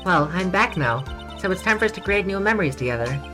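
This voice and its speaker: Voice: medium pitch, animated, fast talker, pitched above the performer's own voice, natural voice. A streamer voicing a cheerful young woman sidekick from a courtroom game, in a raised, eager and friendly voice over faint game music.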